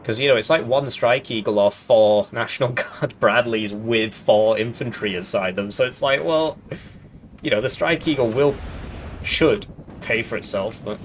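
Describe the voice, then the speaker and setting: A man's voice: fairly low pitch, a little hiss or hum. A man casually commenting on a strategy game match, thinking aloud and drifting into side tangents.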